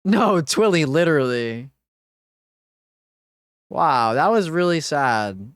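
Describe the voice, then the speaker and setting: A woman's voice: low voice, expressive, slow pace, no echo, clean studio sound. A woman streamer giving live gaming commentary, reading dialogue choices aloud and swearing in dismay.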